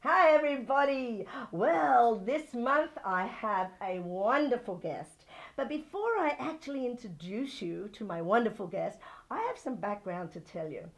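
A woman's voice: big pitch swings, a little slow, vocal fry, few pauses, soft background music. A woman hosting a chatty local TV show, effusive and gushing as she introduces her guest. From not from Santa Barbara. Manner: effusive and gushing, high-spirited sign-offs. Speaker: TV show host.

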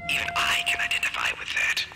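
A man voicing a cold, detached figure in a horror game, speaking in a hushed, breathy half-whisper. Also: fast, faint music behind. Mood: ominous. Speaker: game character voice. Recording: noisy game audio captured on stream.

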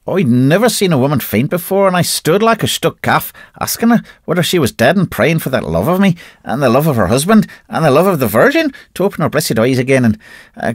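Expressive male audiobook narrator. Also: medium pitch, breathy edge, no room sound, studio quality. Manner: expressive storytelling.

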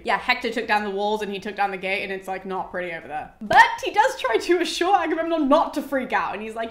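A young woman recapping a classic book in a relaxed, chatty way, tossing in playful, slangy asides. Her voice sits a bit high, and the recording has a roomy echo around it. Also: fast talker, few pauses. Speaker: podcast host summarizing a classic. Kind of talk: casual book recap chat. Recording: echoey room.

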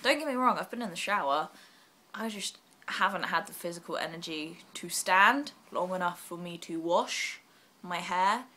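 A young woman vlogging casually while she is unwell, rambling and self-deprecating with quick asides. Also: fairly low pitch, sharp tone. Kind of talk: casual vlog chat.

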